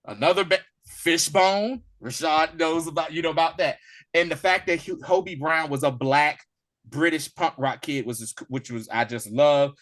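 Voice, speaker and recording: Animated man reviewing a movie. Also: fairly high pitch, normal speed. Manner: animated, acts out movie lines in a raised voice. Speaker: podcast co-host. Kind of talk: casual movie review chat.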